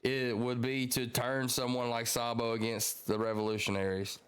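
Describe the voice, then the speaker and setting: A man's voice: medium pitch, little pitch movement, a bit bright, smooth. A man hosting a manga reaction, reading the chapter aloud and commenting between pages. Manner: slow, drawn-out commentary.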